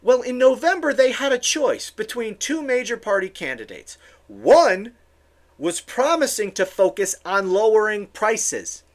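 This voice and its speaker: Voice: medium pitch, big pitch swings, measured pace. A political commentary host ranting alone on camera, sarcastic and exasperated, often stumbling into restarts and repeated words.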